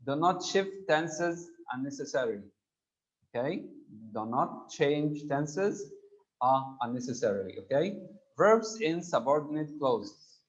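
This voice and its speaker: A man's voice: on the high side, dull audio. A man teaching an online English grammar class, explaining terms and checking in with students. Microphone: computer mic on a video call.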